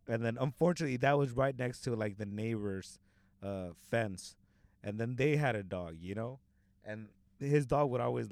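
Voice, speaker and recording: Here the same kind of rambling, profane tale comes from a young man out of Southern California, packed with filler words in casual chat. His voice is medium in pitch, creaky and darkish, recorded close and dry with no room sound.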